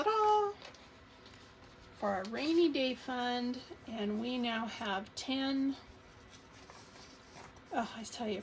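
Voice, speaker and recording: Upbeat woman vlogger chatting slow about her savings, voice a bit high, some faint hiss behind. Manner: chatty, cheerful, counting money aloud with fillers. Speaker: budgeting channel host. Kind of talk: casual cash-stuffing vlog narration.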